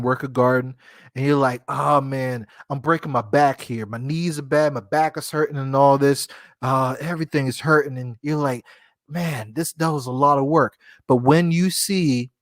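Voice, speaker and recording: A man's voice: a little high, no room sound, studio quality. A man hosting a casual solo podcast, rambling and joking, often laughing at himself. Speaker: podcast host.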